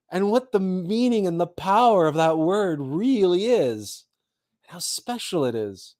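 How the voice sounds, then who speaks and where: A man hosting a live spiritual talk, speaking slowly and meditatively with soft pauses and repeated phrases as he guides listeners through a visualization. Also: sits high, big pitch swings.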